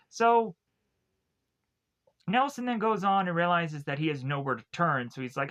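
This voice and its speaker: A man's voice: a little high, normal speed, long pauses, fairly bright tone, highs cut off. Rambling jokey man recapping a movie. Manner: rambling, jokey, laughs at his own jokes. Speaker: movie reviewer. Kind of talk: casual comedic recap with goofy quoted asides.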